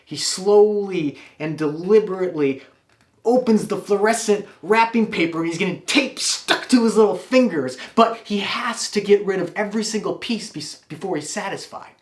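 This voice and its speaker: A man's voice: sits high, normal speed, roomy sound. A man telling a wry, confessional personal story.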